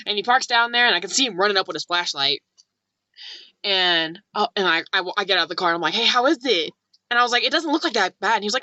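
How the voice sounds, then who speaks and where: A woman's voice: mid-range voice, fast talker, no echo. A young woman from California telling a story in a casual vlog, chatty, full of "like", acting out what people said. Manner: chatty, lots of "like", animated quoting. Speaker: vlogger.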